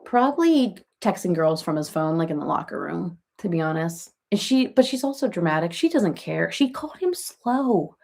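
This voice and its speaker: A woman's voice: lowish voice, very animated, normal speed, creaky, hardly any pauses, darkish tone, voice pushed down, exaggerated voice. A woman doing a comic impression of a chatty reality-TV mom, rambling through gossip and family stories on a live stream and laughing as she talks. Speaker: comedian doing a parody live chat.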